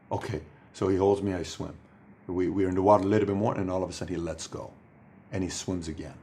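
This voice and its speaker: A man's voice: low voice, fairly even intonation, quick pace, dark tone. A man hosting a motivational business talk, speaking emphatically and repeating phrases for stress. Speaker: host giving business advice.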